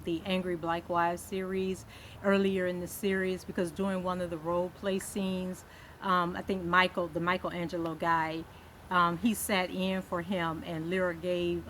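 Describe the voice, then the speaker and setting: A woman's voice: fairly low pitch, fairly bright tone, a little hiss or hum, low-quality recording. Chatty woman recapping a show. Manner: conversational, many "um" fillers, reads quotes aloud. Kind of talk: casual recap commentary.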